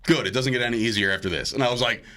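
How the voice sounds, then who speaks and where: A man from New Jersey, a podcast guest and wrestling commentator, telling animated stories and acting out quotes with plenty of swearing. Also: mid-range voice, racing. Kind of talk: casual storytelling chat.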